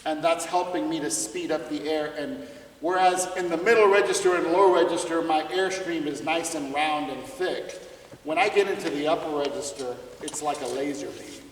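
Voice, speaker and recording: A man's voice: on the high side, moderate pace, a little hiss or hum. A man giving a jazz clinic to students, chatty and laughing, asking them questions as he teaches. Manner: conversational, asks students questions, laughs often. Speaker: visiting jazz trumpet clinician. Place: school music room or hall. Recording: echoey hall from far off.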